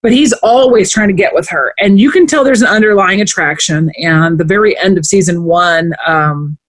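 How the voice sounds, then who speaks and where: A woman in casual chat as a podcast co-host, an animated storyteller who acts out quotes as she goes. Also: lowish voice, moderate pace.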